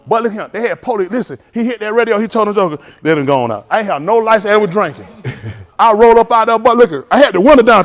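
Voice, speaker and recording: A middle-aged male pastor, preaching informally and telling lively street stories in which he acts out the voices. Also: high voice, fast talker. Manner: animated storytelling, acts out voices, laughs.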